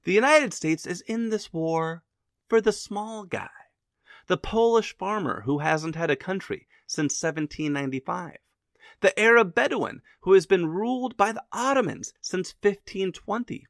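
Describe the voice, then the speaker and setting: A man's voice: high voice, a little slow, a bit bright, no echo, clean studio sound, pitched above the performer's own voice. A man doing a lofty, earnest idealist president.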